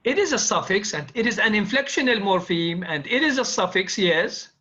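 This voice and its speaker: A man with a high, bright, forceful and expressive voice delivers a linguistics lecture at normal speed. Repetitive by habit, he restates key phrases and quizzes the students again and again. The classroom audio is dull and lo-fi.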